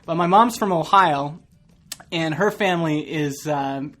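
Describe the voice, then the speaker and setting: A man's voice: on the high side, measured pace, a bit bright. A man from Canada hosting a podcast, chatting casually and laughing often between rambling sentences. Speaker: podcast host.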